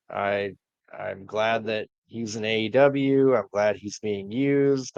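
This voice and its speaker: A low-pitched man talks slowly and unhurriedly as he recaps wrestling on a podcast, full of relaxed fillers. The sound is dull and lo-fi, dry with no room echo. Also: creaky. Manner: laid-back, frequent "uh" fillers. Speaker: podcast co-host.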